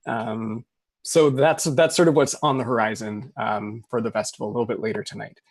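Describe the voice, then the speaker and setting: A man's voice: mid-range voice, steady tone, brisk, no room sound. A man narrating as game master in a casual tabletop game, with many fillers.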